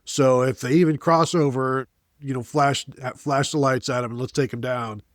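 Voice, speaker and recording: A man's voice: medium pitch, steady tone, moderate pace, dry recording, studio quality. A man co-hosting a sports podcast, picking apart a game with rambling, exasperated analysis. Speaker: podcast co-host. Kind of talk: casual sports chat.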